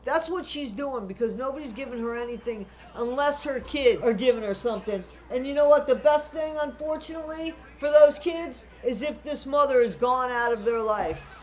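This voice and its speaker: A woman's voice: high voice, normal speed, hardly any pauses, a little mellow. A woman giving blunt, indignant true crime commentary, swearing freely as she rants. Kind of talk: ranting commentary.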